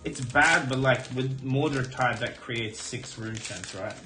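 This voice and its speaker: A man with a mid-range, slightly hoarse voice chats loosely to his live-stream viewers. He rambles with fillers and perks up over each card he pulls. Clear background music plays under his talk the whole time. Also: medium pitch, takes it slowly. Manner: chatty, filler-heavy, excited about pulls. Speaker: streamer opening trading card packs. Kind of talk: casual live-stream chat.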